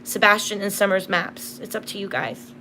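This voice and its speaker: A woman's voice: mid-range voice, steady tone, moderate pace, pushed and bright, slight background noise. A young woman hosting a casual livestream from home, telling stories in a chatty way full of fillers. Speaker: livestream host.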